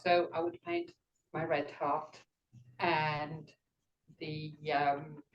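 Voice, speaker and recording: An older woman giving an impromptu speech at a club meeting, thoughtful and rambling, pausing to find her words. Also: low-pitched, flat delivery, roomy sound, dull audio, slight background noise. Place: meeting room.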